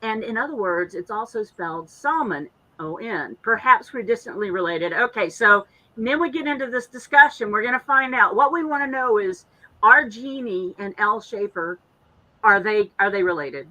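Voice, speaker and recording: A woman's voice: medium pitch, lively intonation, moderate pace, bright, forceful tone, low-quality recording. A woman co-hosting a casual online chat show, reading viewer comments aloud in a chatty way. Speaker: co-host.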